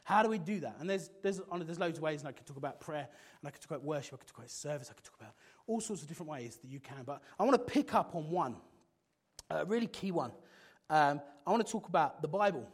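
A man preaching a sermon with passion, swinging from loud exclamations to hushed, intense moments. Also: fairly high pitch, lively intonation, quick pace, slightly rough.

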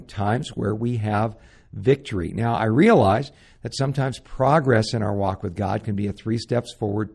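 A man's voice: fairly low pitch, gravelly, darkish tone, husky. An older man, a pastor and show host, teaching the Bible in an earnest, conversational way with stories and frequent fillers. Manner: earnest, anecdotal, frequent "uh" and "you know".

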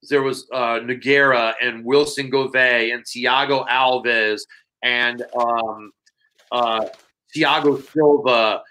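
A man's voice: mid-range voice, bright, forceful tone. A man, a podcast guest, telling stories in a casual, rambling way with many fillers. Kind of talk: casual storytelling.

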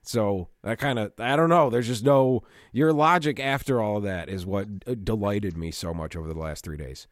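A man's voice: lowish voice, moderate pace, few pauses, dry recording, studio quality. A man chatting casually as a podcast host, swearing often, laughing, and acting out other people's voices in quotes. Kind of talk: casual chat.

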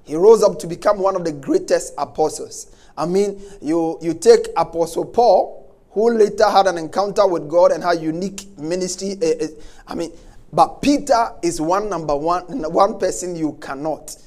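Male preacher with a high-pitched voice and an emphatic, repetitive sermon delivery. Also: normal speed. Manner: emphatic, repeats key words, swings from quiet to loud.

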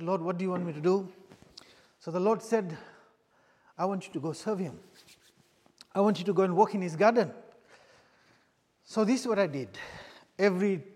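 A man with a high voice preaches and tells his own testimony. He sounds earnest and halting, and he often restarts and repeats his phrases. His voice rings with the long reverb of a church hall. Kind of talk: sermon with personal testimony.

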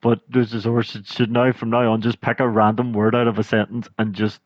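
Speaking a little fast in a lowish voice, this Scottish podcast co-host tells lively stories and laughs a lot during a casual chat. The recording has no echo, though the sound is dull.

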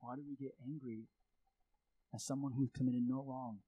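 A man's voice: medium pitch, level tone, moderate pace, breathy edge, dull audio. A man preaching a sermon, speaking earnestly and acting out prayers and indignant reactions to make his point. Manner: earnest, acts out prayers and reactions with rising intensity. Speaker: pastor.

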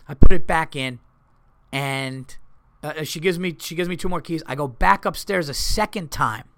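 A man, a comedian hosting his podcast, telling stories in an animated, profane, exasperated rant. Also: fairly high pitch. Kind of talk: casual storytelling rant.

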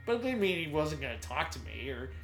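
A man co-hosting a film podcast in casual chat, telling relaxed, rambling anecdotes with fillers. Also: fairly high pitch, quick pace, creaky, faint music behind. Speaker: podcast co-host.

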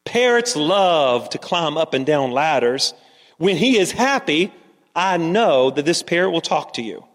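A man doing a smooth-talking pet store manager. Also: a little high, very animated, a little slow, a bit bright, long reverb tail. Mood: reassuring. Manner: reassuring, salesy.

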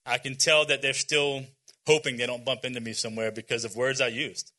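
Guy in his 40s doing a casual youth sermon, um-ing and restarting a lot, really bright ringing voice. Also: mid-range voice, flat delivery, a little fast. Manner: conversational, earnest, many fillers and restarts; self-deprecating humor. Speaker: youth speaker. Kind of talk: informal sermon to young people.

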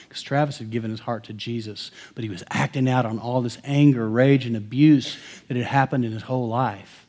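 A middle-aged man preaching from the pulpit, weaving a personal story into the message. His voice sinks almost to a whisper on tender lines, then climbs loud and slow to hammer a point home. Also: medium pitch. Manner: storytelling, swings from hushed to loud and emphatic. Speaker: pastor.

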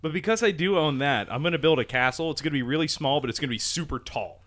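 Bright, animated male podcast co-host. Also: a little high, fast. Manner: wry, dry jokes with laughter. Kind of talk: casual chat.

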